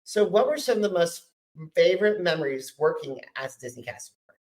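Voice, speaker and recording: A man's voice: fairly high pitch, very animated, a little fast, darkish tone, rough recording. A man hosting a podcast interview, eager and admiring, with many fillers as he asks his questions. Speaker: podcast host. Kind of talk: casual interview.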